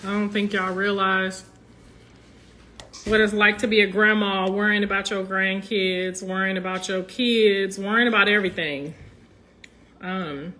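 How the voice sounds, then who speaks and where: A middle-aged woman and grandmother talks casually to her viewers, halting and rambling with many "you know" restarts, earnest and apologetic but defensive. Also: medium pitch, steady tone, pushed and bright. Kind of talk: casual talk to camera.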